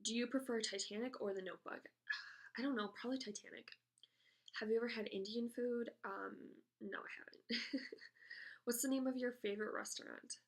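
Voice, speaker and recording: Young American woman, casual vlogger, gravelly fry, hesitant rambling delivery. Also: on the high side, fairly even intonation, normal speed. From United States. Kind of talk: casual chat answering a question tag.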